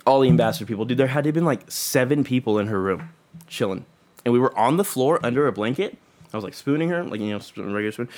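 A young man telling rambling, profane stories in casual chat, full of fillers. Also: medium pitch.

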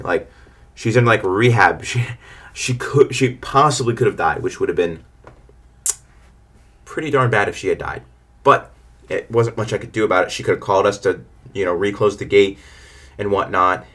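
A young man with a low voice talks fast and rambles as he tells stories from his lawn care business. He gives frank advice in a loose, casual way. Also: a bit bright.

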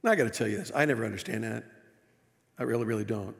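A male pastor preaching a sermon with animated delivery, his voice rising and falling, with wry asides to the congregation. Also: fairly low pitch, rapid-fire, gravelly, in a large hall. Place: church sanctuary.

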